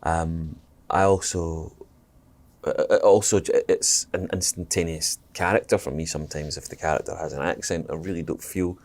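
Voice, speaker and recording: A man's voice: low voice, fairly even intonation, moderate pace, a little mellow. A Scottish man, a guest actor, talking casually in a podcast interview, thoughtful and rambling, with many fillers and restarts. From Scotland.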